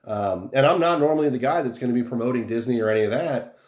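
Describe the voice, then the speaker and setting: A man's voice: mid-range voice, fast talker, muffled recording. A male podcast host chats casually in a mid-range voice, rambling with fillers. His voice sounds roomy and echoey. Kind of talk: casual chat. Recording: roomy echo.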